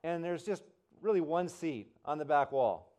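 A middle-aged man preaching as a pastor, telling a personal story with many restarts and repeated words, and his voice climbs high and loud at the big moments. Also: normal speed. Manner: animated storyteller, voice rises high and loud at the climax. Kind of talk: sermon storytelling.

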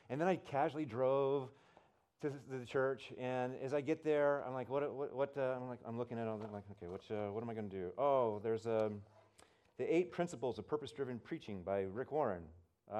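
A middle-aged man preaching as a pastor, telling a personal story with many restarts and repeated words, and his voice climbs high and loud at the big moments. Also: fairly quick, clean tone. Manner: animated storyteller, voice rises high and loud at the climax. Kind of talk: sermon storytelling.

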